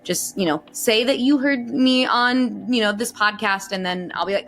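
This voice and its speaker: A woman's voice: fairly high pitch, moderate pace, a bit bright, faint music behind. A woman voice actor who is a guest on a podcast, chatting casually in a bubbly way and laughing often.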